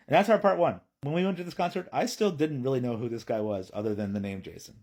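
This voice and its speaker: A man telling a personal story in a chatty, animated vlog. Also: mid-range voice, quick pace.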